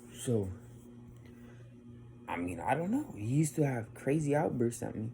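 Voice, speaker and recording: A man's voice: medium pitch, vocal fry, dark tone, a little hiss or hum. A young man giving a loose, rambling motivational talk to camera, often adding "man" and acting out the people he quotes. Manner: frequent "man" tag words. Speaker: vlogger. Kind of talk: casual motivational monologue.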